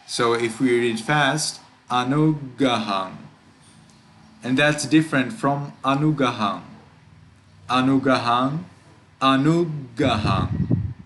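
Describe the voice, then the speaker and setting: A man who is a Buddhist monk, teaching a class how to pronounce chant words and drawing each word out slowly and carefully. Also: mid-range voice, fairly bright tone, a little hiss or hum, low-quality recording. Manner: slow, careful, demonstrates words by drawing them out.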